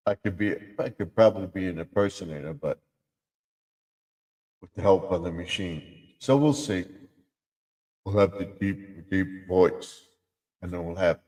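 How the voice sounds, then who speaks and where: A man with a fairly low voice chats loosely on his live stream. He rambles from idea to idea and keeps slipping into silly voices. His words hang in a long reverb. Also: unhurried, pauses often, darkish tone. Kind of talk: casual live stream chat.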